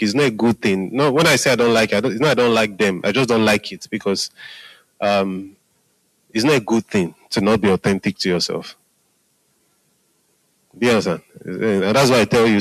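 A man's voice: on the low side, no room sound, poor audio. A man preaching a sermon in a conversational way, often asking his listeners if they are following. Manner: conversational, repeats "Hallelujah" and "are we together?" to the audience.

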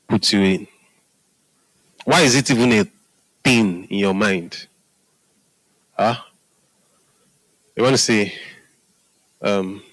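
Low-voiced preacher, conversational. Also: male voice, fairly bright tone, no echo, poor audio. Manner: conversational, repeats "Hallelujah" and "are we together?" to the audience. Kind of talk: sermon.

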